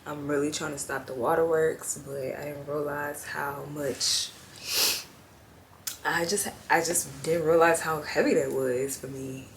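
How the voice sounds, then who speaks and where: A young woman in her twenties talking to the camera in a personal confessional vlog, slow and heartfelt, trailing off with fillers and tearful at times. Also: deep voice, fairly even intonation, a little hiss or hum. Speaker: vlogger.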